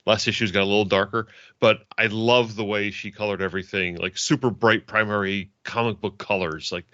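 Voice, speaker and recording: A man's voice: fairly low pitch, fairly even intonation, brisk, pushed and bright, no echo, lo-fi sound. A man chatting as a guest on a comics podcast, joking dryly about himself. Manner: wry, self-mocking humor. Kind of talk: casual podcast chat.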